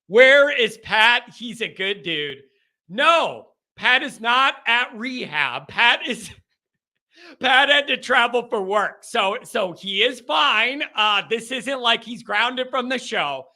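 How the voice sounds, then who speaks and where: A man hosting a live call-in sports show, chatting in an animated, rambling way and often chuckling. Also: very high-pitched, slow pace. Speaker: show host.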